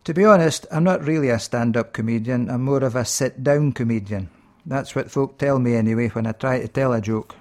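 A Scottish minister hosts a radio show in a jovial, punning manner. His voice sits at an ordinary middle pitch, and he delivers his jokes with lively timing. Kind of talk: humorous radio talk with jokes.

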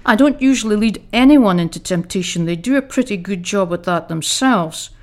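A woman's voice: medium pitch, animated, moderate pace, natural voice. A woman voicing God in a radio comedy sketch, fatherly and down-to-earth, with a dry, teasing, patient manner.

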